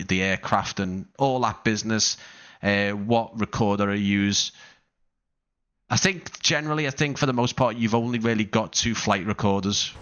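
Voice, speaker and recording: A man's voice: lowish voice, a bit bright, lo-fi sound. A man hosting a casual live stream through a wireless headset mic, rambling with lots of fillers and restarts. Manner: rambling, many fillers and restarts, laughs often. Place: home streaming room. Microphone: wireless gaming headset.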